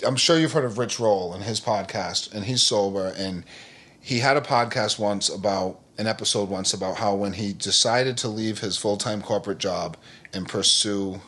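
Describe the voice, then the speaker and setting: A man with a lowish voice speaks at a moderate pace as a podcast guest in a casual conversation. He's earnest and rambling, often saying "like" and "you know what I mean," and he tells stories with animation, acting out the people he quotes.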